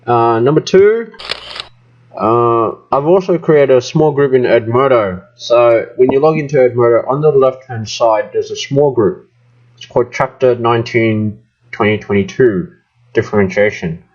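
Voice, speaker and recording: A man's voice: mid-range voice, a little slow, darkish tone. A man teaching maths, giving loose, informal assignment instructions to his class with a muffled voice. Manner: loose and informal, many fillers. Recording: muffled lo-fi recording.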